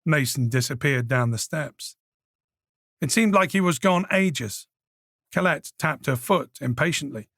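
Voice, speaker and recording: A man reading a crime thriller audiobook with measured, scripted narration. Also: fairly high pitch, animated, vocal fry, a bit bright, no room sound, clean studio sound. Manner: measured storytelling.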